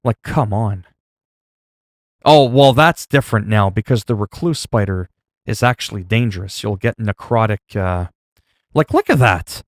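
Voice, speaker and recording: A man casually chatting with his stream audience, rambling with many fillers, and getting louder when he reacts in disgust. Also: a little slow, dry recording, clean studio sound. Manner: gets loud and higher when reacting in disgust. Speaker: livestreamer.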